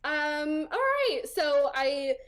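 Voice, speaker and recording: A woman's voice: high voice, sing-song, very slow, a bit bright. A young woman, a guest on an interview show, chatting casually through a personal story with lots of ums and likes. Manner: chatty, full of ums and likes, laughs often.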